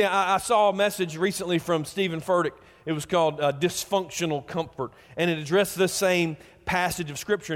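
A man's voice: sits high, in a large hall. A man preaching a sermon in an earnest way, often repeating words as he builds emphasis. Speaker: pastor.

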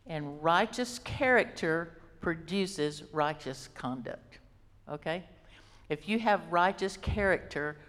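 A woman teaching a sermon, slow and deliberate, repeating key words for emphasis. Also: deep voice. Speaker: Bible teacher. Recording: long hall reverb.

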